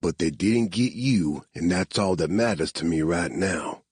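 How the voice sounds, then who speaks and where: A man voicing a gentle, protective man with a Cajun accent, who talks slowly and soothingly. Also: sits low, husky, no room sound. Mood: tender. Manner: slow, soothing, murmuring.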